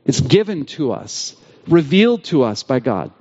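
A man preaching a sermon in a church, stressing key phrases by repeating them slowly. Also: medium pitch, big pitch swings, highs cut off, background noise. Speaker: pastor. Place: church sanctuary.

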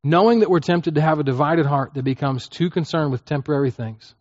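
The recording has no room sound and dull audio; the pastor's voice sits on the high side, a little mellow, and he speaks briskly. He teaches his sermon conversationally, regularly asking listeners "okay?" and acting out prayers.

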